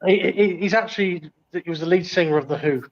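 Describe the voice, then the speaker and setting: A man's voice: sits high, brisk, crowd noise. Rambling middle-aged man, lo-fi sound. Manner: rambling storyteller, many ums. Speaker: guest. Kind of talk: casual anecdote telling. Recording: dull lo-fi sound.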